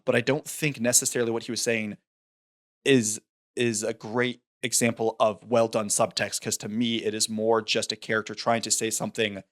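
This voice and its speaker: A man's voice: mid-range voice, fairly bright tone. Man musing over a film scene. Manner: thoughtful, rambling with restarts. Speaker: podcast co-host. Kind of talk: casual film discussion.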